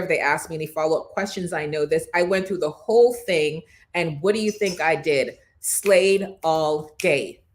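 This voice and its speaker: Lady hosting a morning show, fired up and preachy, kinda low voice. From Jamaica. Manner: emphatic, preacher-like, scripture-quoting. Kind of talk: motivational talk.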